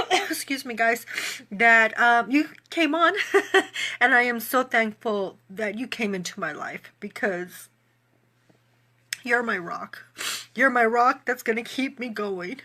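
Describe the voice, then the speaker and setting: A woman's voice: fairly high pitch, pushed and bright. A woman fitness coach speaking to viewers in a casual live video chat, emotional, tearful and laughing as she talks.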